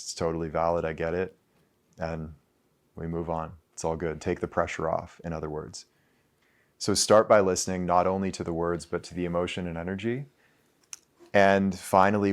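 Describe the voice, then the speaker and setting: A man in his thirties talking loosely to a live audience, full of "like" fillers and the odd swear word. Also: low-pitched. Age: 30s. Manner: loose and conversational, with frequent "like" fillers and profanity. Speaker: speaker addressing a live audience. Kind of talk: casual talk to an audience.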